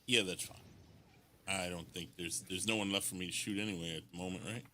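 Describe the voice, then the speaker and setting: A man playing in an online tabletop game, joking crudely and gruffly. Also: low voice, fairly even intonation, brisk, bright, forceful tone, slight background noise. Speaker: player. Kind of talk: casual chat at a game table.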